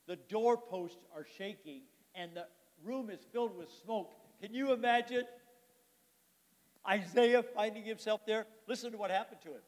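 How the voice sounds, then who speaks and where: A man preaching a sermon, reading scripture aloud and questioning the congregation, his volume swinging from emphatic to quiet. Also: high voice, measured pace. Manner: reads scripture aloud, then explains it with rhetorical questions to the congregation; swings between loud emphatic lines and soft, quiet asides. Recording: long hall reverb.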